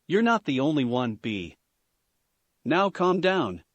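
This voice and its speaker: A stern, commanding leader, as a man reads him aloud, snapping out orders. The voice is high-ish and lively. It sounds close and dry. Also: slow, no echo, muffled recording, heavily acted. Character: stern commanding male warlord.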